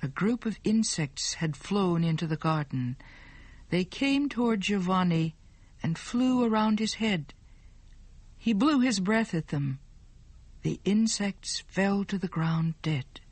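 A woman narrating a story in a slow, clear, deliberate way. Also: medium pitch, lively intonation, a little mellow, no room sound.

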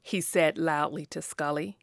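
A woman with a fairly low voice reads a story at a very slow, deliberate pace. The recording is close and dry, with no room sound. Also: creaky, no echo. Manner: slow, even, careful. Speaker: narrator. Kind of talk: slow story reading for learners.

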